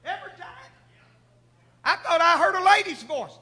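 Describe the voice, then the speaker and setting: A man preaching a sermon, calling on the congregation to answer him and rising to shouts. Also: extremely high pitch, lively intonation, normal speed, in a large hall. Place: church sanctuary.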